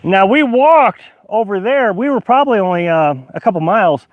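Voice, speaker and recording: A man's voice: high-pitched, lively intonation, normal speed, no echo, narrow, tinny audio. A man hosting a casual outdoor live stream, reading chat aloud and rambling with many fillers and restarts. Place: outdoors at a high-altitude campsite.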